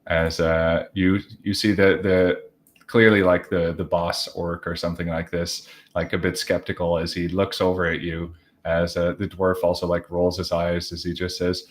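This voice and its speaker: A man's voice: sits low, flat delivery, normal speed. A man running a tabletop role-playing game, narrating in long, rambling chains of "as he just says" with lots of fillers. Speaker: game master.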